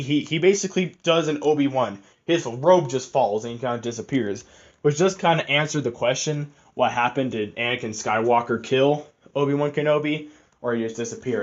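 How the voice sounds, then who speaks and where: A young man giving a rambling, profane, casual film review, full of fillers and restarts. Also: medium pitch. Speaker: movie reviewer. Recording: slightly muffled lo-fi audio.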